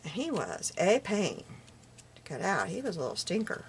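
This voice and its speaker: Low gravelly woman chatting while crafting. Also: huge pitch swings, moderate pace, slight background noise. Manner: chatty, muttering asides to herself. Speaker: paper crafter. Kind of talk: casual crafting tutorial chat.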